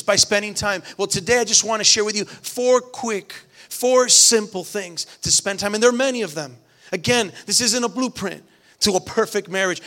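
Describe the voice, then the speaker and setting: A middle-aged man preaching with an earnest, storytelling delivery. He often repeats words as he builds a point. His voice sits fairly high for a man. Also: a bit bright. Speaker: pastor. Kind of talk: sermon.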